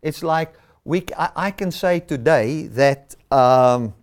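Male preacher, unhurried sermon delivery, slightly raised pitch, leans hard on repeated words. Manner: emphatic, repeats key words for stress.

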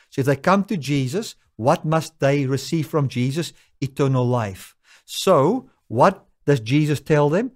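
A male preacher delivers a sermon in an animated, emphatic voice. His voice sits a little high and swoops up and down, slowing and swelling as he quotes scripture.

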